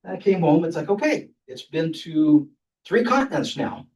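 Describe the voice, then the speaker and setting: A man's voice: a little high, sing-song, normal speed, darkish tone. An older man giving a humorous speech at a club, telling travel anecdotes and chuckling between them. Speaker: club speaker. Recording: roomy sound from a distant mic.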